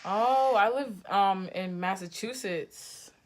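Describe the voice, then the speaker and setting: A woman's voice: mid-range voice, slow, a little hiss or hum. An eighteen-year-old woman from Boston with a Boston accent, playfully teasing strangers over a phone video chat. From Boston, USA. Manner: playful, teasing, deadpan setups. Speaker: vlogger chatting with strangers. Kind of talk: casual video-chat prank. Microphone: phone on a video-chat app.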